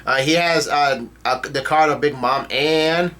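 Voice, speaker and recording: A man casually reading a manga chapter aloud, talking quickly with fillers and restarts and cursing in disbelief at twists. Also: on the high side, sharp tone. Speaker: manga reader and reactor. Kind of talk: casual read-through with reactions.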